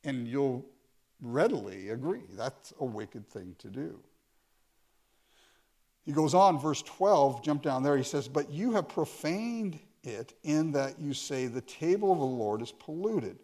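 A man's voice: medium pitch, animated, a little slow, dark tone. A man preaching a sermon, reading scripture aloud and explaining it with pointed, sarcastic asides.

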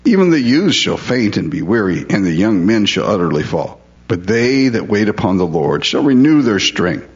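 A man's voice: on the low side, big pitch swings, moderate pace, dull audio. A male pastor preaching a conversational sermon, asking his listeners questions and confessing his own struggles.

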